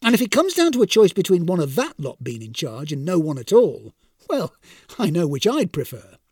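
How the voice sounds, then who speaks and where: A man voicing a harried male archangel supervisor who talks in a brisk, reasoning, managerial way. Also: fairly high pitch, huge pitch swings, darkish tone, breathy edge, no room sound, studio quality, far from the mic, exaggerated voice. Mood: explaining.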